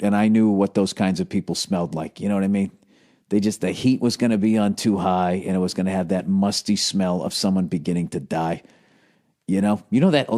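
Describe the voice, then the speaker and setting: Profane ranting man in his forties. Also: on the low side. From United States. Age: 40s. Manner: profane, animated ranting, self-mocking. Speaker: podcast host. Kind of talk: comedic monologue rant.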